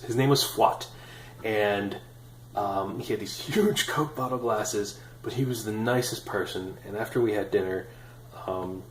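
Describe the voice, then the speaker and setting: A man in his thirties telling a personal story in a casual, animated, self-deprecating way with many fillers. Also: on the low side, measured pace, roomy sound, slight background noise, low-quality recording. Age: 30s. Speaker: vlogger.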